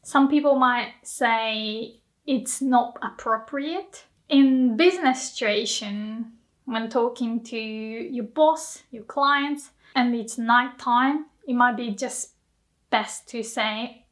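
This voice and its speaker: A woman's voice: fairly high pitch, slow, a bit bright. A woman teaches a casual language lesson. She is chatty and laughs often as she explains with examples. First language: Japanese.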